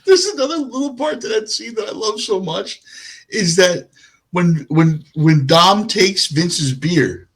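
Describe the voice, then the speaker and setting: A man's voice: high-pitched, lively intonation, unhurried, slightly rough. A man co-hosting a podcast, chatting casually about a movie, enthusiastic, laughing often and swearing casually. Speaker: podcast co-host. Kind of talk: casual movie review chat.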